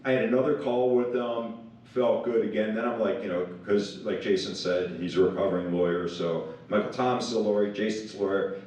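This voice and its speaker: A man's voice: fairly low pitch, fairly even intonation, fairly quick, darkish tone. A man, a company founder, telling a chatty anecdote on a panel, full of fillers. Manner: chatty, self-described blabbermouth, many fillers. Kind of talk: casual anecdote on stage. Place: large event hall. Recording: echoey hall, mic far off, faint noise.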